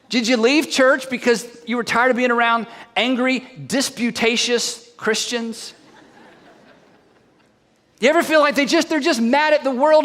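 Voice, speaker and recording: Preaching as a pastor, this man has an extremely high, slightly bright voice. He tells the story animatedly and fires rhetorical questions at the congregation, with long hall reverb on the recording.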